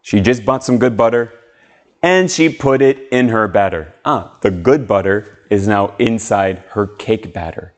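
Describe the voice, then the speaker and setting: A man teaching an English lesson on video, speaking slowly and carefully as he models sounds and words. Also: on the low side. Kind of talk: slow, clear classroom video lesson.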